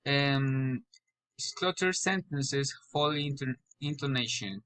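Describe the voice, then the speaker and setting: Slow, bright-voiced man reading drills. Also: medium pitch, poor audio. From Spanish-speaking country. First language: Spanish. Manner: slow, halting, with pauses and restarts. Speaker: language learner. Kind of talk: reading intonation practice drills aloud.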